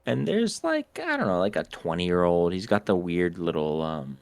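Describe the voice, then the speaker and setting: A deep-voiced man from the northern United States tells a story on a podcast, casual and profane. His voice sounds close and dry, with no room around it. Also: moderate pace, gravelly, dry recording. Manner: animated, profane, laughing storyteller. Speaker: podcast co-host.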